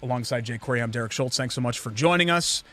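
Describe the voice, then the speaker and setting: A man co-hosting a sports talk show in a studio, chatty and animated as he reads a sponsor segment. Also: mid-range voice, fast talker. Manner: chatty, animated, jokingly indignant. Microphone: studio desk mic.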